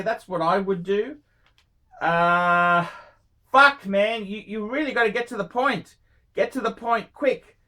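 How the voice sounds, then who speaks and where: A man bluntly answering viewer questions, scolding and swearing, often clearing his throat. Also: high-pitched, bright, forceful tone. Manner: profane, scolding, ranting; frequent throat clearing and coughs. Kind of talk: blunt advice monologue.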